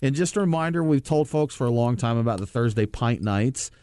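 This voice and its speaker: A man's voice: mid-range voice, lively intonation, brisk, warm tone, clear, resonant tone. Easygoing male beer show co-host. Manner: easygoing event-listing delivery. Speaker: podcast co-host. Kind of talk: casual radio show chat.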